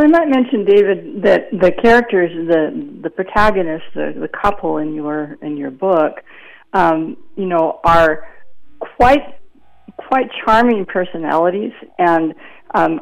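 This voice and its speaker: A woman interviewing an author, asking measured questions with frequent ums. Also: on the low side, creaky. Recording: dull lo-fi line.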